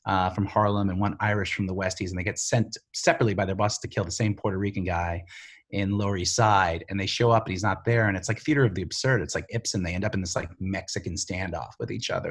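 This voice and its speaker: Husky middle-aged man telling stories. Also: fairly low pitch. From the Bronx, New York. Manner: animated, rambling, filler-heavy. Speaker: TV writer and showrunner, guest. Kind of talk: candid interview storytelling.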